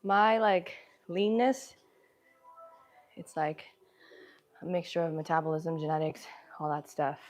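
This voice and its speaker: A woman's voice: deep voice, measured pace, pauses often, a little mellow. A woman live-streaming her workout, chatting casually with viewers between sets, laughing often and out of breath, with a runny nose. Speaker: fitness livestreamer. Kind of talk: casual live-stream chat while exercising.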